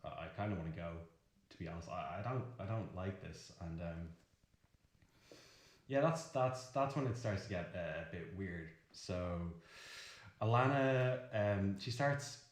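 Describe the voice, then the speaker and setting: A halting, awkward young man. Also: sits low, lively intonation. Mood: hesitant. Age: young adult. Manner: halting, many restarts and nervous laughs. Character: awkward young man recounting an uncomfortable night. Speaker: interviewee in a verbatim film. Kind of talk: confessional verbatim monologue. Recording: roomy echo.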